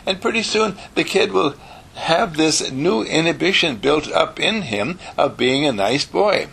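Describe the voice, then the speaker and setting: Gravelly, animated male teacher. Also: a little high, a little slow. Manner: animated, repetitive, chuckling asides. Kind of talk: informal spoken lesson to a small group.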